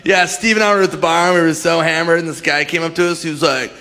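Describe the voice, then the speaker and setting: A man's voice: a little high, fairly even intonation, fast talker, bright, forceful tone. A man doing a stand-up comedy set, telling a story and mimicking his friends.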